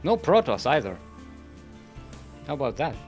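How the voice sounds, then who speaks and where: A male esports caster calls a live match play-by-play, playful and giggly, cracking jokes between calls. His mid-range voice has a sing-song lilt at normal speed, with faint music in the background.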